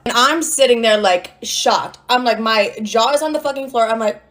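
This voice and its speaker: A woman's voice: fairly high pitch, moderate pace. A young woman casually telling a story about her ex, brash and full of swearing. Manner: brash, profane, animated retelling.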